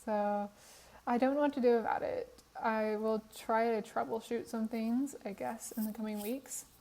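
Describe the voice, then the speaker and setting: A woman's voice: a little high, mellow, rough recording. A tired young woman with a worn voice, chatting casually in a voiceover about a game build, laughing often, recorded on her phone in her apartment. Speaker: Sims speed build creator. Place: apartment room.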